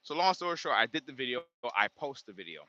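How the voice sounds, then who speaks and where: A man who drives trucks tells a story on a casual livestream, with lively, emphatic retelling and acted-out quotes. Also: mid-range voice, fast, dull audio. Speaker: truck driver content creator.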